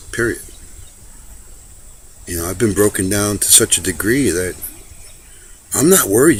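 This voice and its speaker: A man's voice: on the low side, a bit bright, slight background noise. A man speaking an earnest personal message to a friend, impassioned and preachy, often repeating himself.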